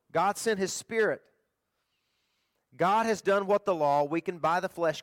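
A middle-aged man preaching a sermon in a folksy, conversational way, swinging between loud emphasis and quiet storytelling. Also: sits high, dry recording. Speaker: pastor.

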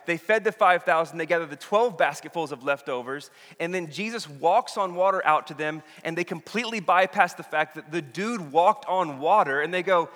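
Animated man preaching in a big hall. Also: high voice, normal speed, few pauses. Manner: animated, acts out the people in the story with voices. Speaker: pastor. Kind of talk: sermon. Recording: long reverb of a big hall.

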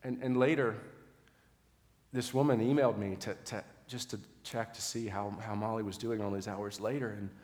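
A middle-aged man preaching a sermon, telling a story earnestly, often restarting words and dropping to a soft voice in quiet moments. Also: fairly low pitch. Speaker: pastor. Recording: long hall reverb.

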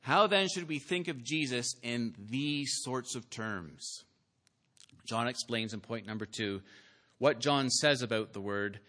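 Male pastor, bright clear tone, slow measured sermon delivery that swells into emphatic peaks, church pulpit. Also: medium pitch. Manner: earnest preaching that builds to emphatic, rising climaxes; slow, deliberate delivery with filler "uh"s.

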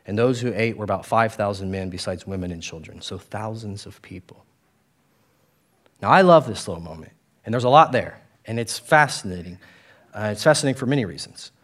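Male pastor, casual conversational sermon delivery with playful asides. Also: lowish voice. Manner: conversational, voices the disciples in quick asides.

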